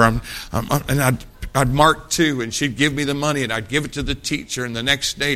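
Bright-voiced folksy man preaching a sermon. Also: medium pitch, a little fast. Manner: folksy storytelling, rhetorical questions.

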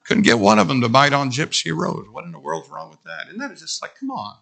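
A middle-aged man preaching a sermon, animated, breaking into whoops and joking asides. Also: fairly high pitch, brisk, creaky.

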